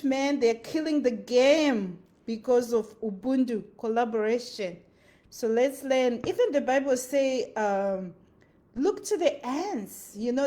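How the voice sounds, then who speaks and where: A woman's voice: on the high side, dark tone. A woman with a Nigerian accent giving an earnest, chatty motivational talk, laughing often and repeating phrases for emphasis. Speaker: vlogger.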